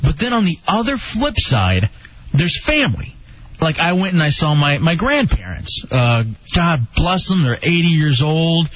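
A man's voice: fairly high pitch, big pitch swings, moderate pace. A man hosting a casual radio show, joking and laughing often and mocking himself. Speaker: radio host. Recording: dull lo-fi radio recording.

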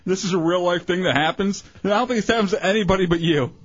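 A man's voice: high-pitched, fast talker, dry recording, dull audio. Wry male radio co-host. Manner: wry, needling questions. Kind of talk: radio banter.

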